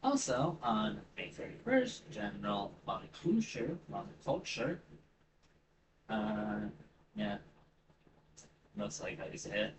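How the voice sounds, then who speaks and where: A man reading a history article aloud, tripping over words, rereading them, and breaking off into casual, profane asides. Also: mid-range voice. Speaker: channel host. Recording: distant mic with clear background noise.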